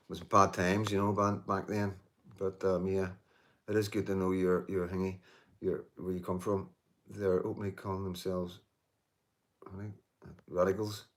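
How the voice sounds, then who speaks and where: A man's voice: low voice, flat delivery, moderate pace. A man in his fifties hosting a casual live stream, reading viewer comments, talking emphatically with lots of repeats and restarts, swearing and joking with commenters. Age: 50s. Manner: emphatic, repeats himself, many restarts and "you know".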